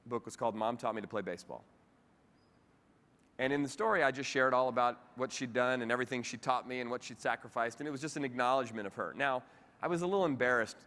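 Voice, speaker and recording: A man giving a keynote speech on stage, telling a heartfelt story with animated delivery. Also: mid-range voice. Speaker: keynote speaker. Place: large convention hall, on stage. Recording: echoey convention hall.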